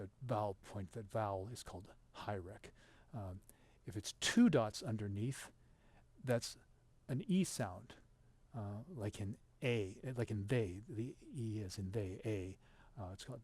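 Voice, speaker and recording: A man giving an informal lesson over a shared screen, patient and explanatory, pausing often with fillers and restarts. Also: lowish voice, darkish tone, slightly rough, no echo. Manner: halting, with many fillers and restarts. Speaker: teacher.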